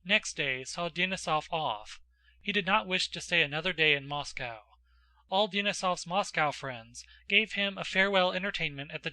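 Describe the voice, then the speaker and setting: A man narrating a classic novel as an audiobook in a measured, even storytelling manner. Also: high voice, dry recording.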